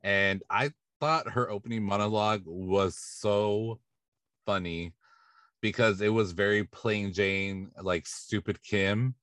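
Low-voiced man recapping celebrity gossip. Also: slow pace, no room sound. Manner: relaxed, chatty recapping of celebrity news. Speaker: podcast host. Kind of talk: casual chat.

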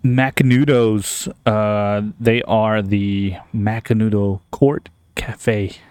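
A man's voice: on the low side, little pitch movement, slow pace, darkish tone, clear, resonant tone, dry recording. Laid-back swearing guy. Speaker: podcast co-host. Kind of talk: casual chat over beers and cigars.

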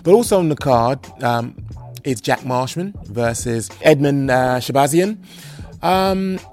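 A man hosting a casual chat, measured and thoughtful, with some hesitant restarts. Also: mid-range voice, animated, darkish tone. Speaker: podcast host and interviewer. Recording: dull lo-fi sound with faint music.

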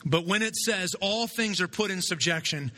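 A man preaching a sermon in a conversational way, often checking in with his listeners with a quick "right?". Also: sits high, sharp tone. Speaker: pastor.

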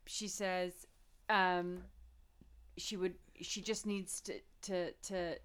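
A woman co-hosting a podcast in casual chat, talking in an expressive, rambling way with lots of restarts and slangy asides. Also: fairly low pitch, very slow, clean tone. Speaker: podcast co-host.

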